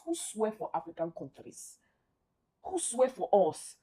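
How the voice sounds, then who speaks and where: A woman's voice: mid-range voice, sing-song, moderate pace, warm tone, slightly rough. A young woman with a Nigerian accent ranting as an upset football fan, pleading and repeating herself. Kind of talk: emotional reaction rant.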